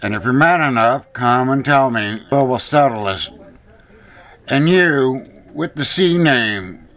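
A man's voice: mid-range voice, animated, slow, fairly bright tone. A man delivering a heated, profane rant to the camera, hammering home repeated accusations. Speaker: vlogger. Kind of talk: angry personal rant to the camera. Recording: dull lo-fi recording.

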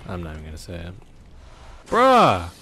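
A man's voice: fairly low pitch, measured pace, a little hiss or hum. A young man streaming a game, reacting with profane jokes and sudden yelps. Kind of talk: gameplay commentary.

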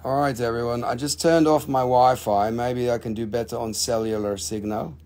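A man's voice: medium pitch, fairly even intonation, moderate pace, darkish tone. A man hosting a live stream and selling gemstones, joking and cursing in loose, broken grammar as he talks into his phone. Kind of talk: casual live-stream sales pitch.

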